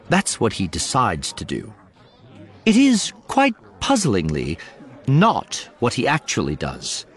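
A man's voice: medium pitch, wildly swooping pitch, slow pace, husky. A man reading a novel aloud as audiobook narrator, with dramatic storytelling. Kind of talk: scripted narration.

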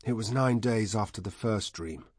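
Guy doing a haunted grieving man, low husky voice, quiet n worn out, dry sound. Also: normal speed, no room sound. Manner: quiet, weary storytelling. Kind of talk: audiobook character voice.

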